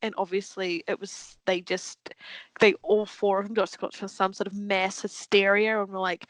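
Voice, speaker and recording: A woman co-hosts a casual podcast, retelling stories with lively, animated flair and voicing the people she quotes. She swears freely as she talks. The recording is dry and close, with no room sound. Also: medium pitch, moderate pace, no room sound, poor audio. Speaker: podcast co-host. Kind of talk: casual chat.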